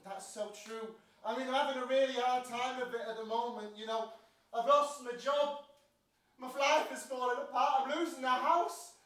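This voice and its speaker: A man's voice: very high-pitched, fairly even intonation, normal speed, a bit bright. A man playing a hapless, down-on-his-luck man in a live stage sketch, fretful and melodramatic. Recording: echoey theatre from far off.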